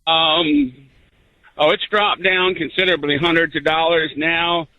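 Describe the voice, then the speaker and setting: A man's voice: on the high side, unhurried, creaky, bright, forceful tone, no room sound, highs cut off. A man, a truck driver calling in, easygoing and rambling with many fillers. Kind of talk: call-in conversation.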